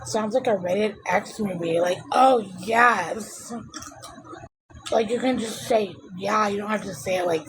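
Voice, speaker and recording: A woman's voice: medium pitch, moderate pace, hardly any pauses. A woman livestreaming casually from her phone, rambling and complaining in an exasperated way. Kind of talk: casual live-stream chat. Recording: noisy background hum.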